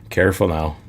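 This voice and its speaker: Gravelly man, easygoing podcast host. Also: sits low, slight background noise. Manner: easygoing, joking, laughs often. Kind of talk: casual podcast chat and sponsor reads.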